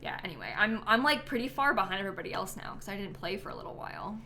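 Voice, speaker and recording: A woman's voice: mid-range voice, very animated, racing, creaky, sharp tone, a little hiss or hum. A woman streaming a life-sim game live, chatting casually with many ums and likes and giggling now and then.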